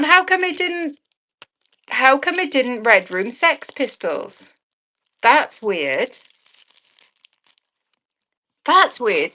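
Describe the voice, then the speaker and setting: A woman running an online auction sells earrings on a live stream, bantering cheekily with viewers and laughing as she swears. Her voice is fairly high with a sharp edge.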